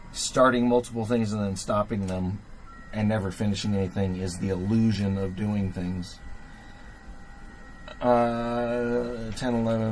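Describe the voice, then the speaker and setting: This livestream host speaks in a low, slightly mellow voice, rambling casually as he fiddles with his equipment. He thinks out loud, fills the gaps with lots of fillers, and laughs at himself now and then. A little hiss or hum runs under the rough recording.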